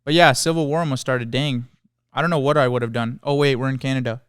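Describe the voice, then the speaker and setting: A man co-hosting a podcast in casual chat, earnest and playful, getting excited easily. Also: medium pitch, quick pace, clear, resonant tone, dry recording, clean studio sound. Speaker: podcast co-host.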